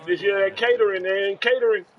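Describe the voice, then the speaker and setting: A high-pitched man with a Southern US accent, streaming a football video game live. He talks in a loud, profane, heated rant full of trash talk, with the game's broadcast commentary behind him. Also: steady tone, fast talker, muffled recording.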